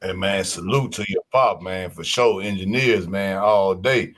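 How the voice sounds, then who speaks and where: Man, casual stream talk, preachy, animated, restarts a lot. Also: deep voice, a little slow. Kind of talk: casual chat.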